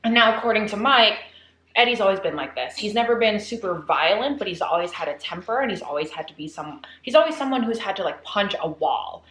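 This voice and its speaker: A woman's voice: mid-range voice, brisk, echoey room, rough recording. A woman vlogger who eats on camera while she chats her way through a spooky story. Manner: chatty, animated retelling. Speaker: vlogger telling a horror story. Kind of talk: casual storytelling while eating.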